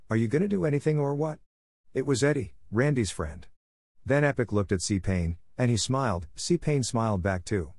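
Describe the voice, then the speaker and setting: Low-voiced man narrating a story. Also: darkish tone, no room sound, studio quality. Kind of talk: reading an action story aloud.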